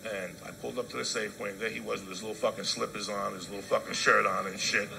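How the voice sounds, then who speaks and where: A middle-aged man telling a stand-up story, profane, swinging from loud outbursts to low asides. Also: fairly even intonation, quick pace, vocal fry, noisy background. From New Jersey. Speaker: comedian.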